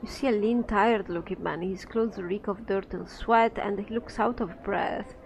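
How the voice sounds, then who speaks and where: A woman's voice: medium pitch, moderate pace, a little hiss or hum. A woman playing through a game, reading its text aloud and adding chatty, giggly comments. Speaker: game streamer.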